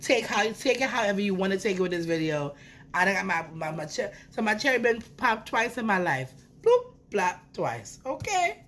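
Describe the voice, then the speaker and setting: A woman's voice: medium pitch, sing-song, normal speed, fairly bright tone. A young woman, telling a playful storytime vlog with swearing. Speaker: vlogger. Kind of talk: casual storytime.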